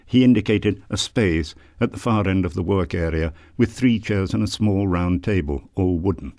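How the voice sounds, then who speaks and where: A man reading his own literary memoir aloud in a measured, dramatic way. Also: deep voice, darkish tone, no echo, studio quality.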